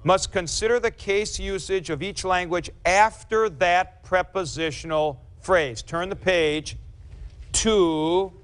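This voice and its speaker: A man's voice: sits high, takes it slowly, a bit bright, smooth. A man teaching a grammar class in a lecture, who explains carefully, repeats key points and corrects himself. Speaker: Greek teacher.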